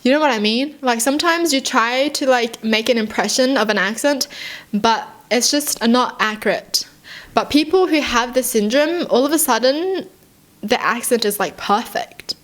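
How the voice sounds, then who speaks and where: A young woman reacting to stories in casual commentary. She is excitable and curious, fires off quick questions and says "like" often. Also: fairly high pitch. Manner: excitable and curious, heavy use of "like", rapid questions. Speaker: vlogger reacting to read-out stories.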